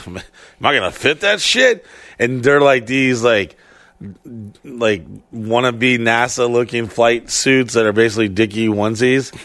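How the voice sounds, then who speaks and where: A man's voice: mid-range voice, dry recording. Profane storytelling man, dry close sound. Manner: profane, animated storytelling with acted-out quotes. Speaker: podcast co-host. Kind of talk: casual storytelling chat.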